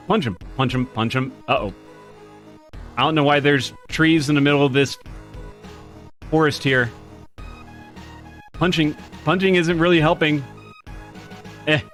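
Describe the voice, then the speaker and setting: A man's voice: mid-range voice, a little slow, pauses often, a bit bright. Man, casual game commentary, chatty, laughing, reads text aloud, faint music. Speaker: game streamer.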